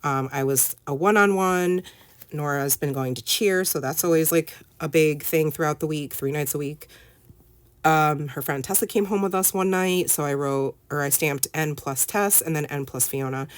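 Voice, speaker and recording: A woman's voice: low voice, normal speed, clean tone, no echo. A woman in her thirties talking casually over her scrapbooking, full of ums and likes. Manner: chatty, many fillers like "um" and "like". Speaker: scrapbooking vlogger. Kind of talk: casual voice-over while crafting.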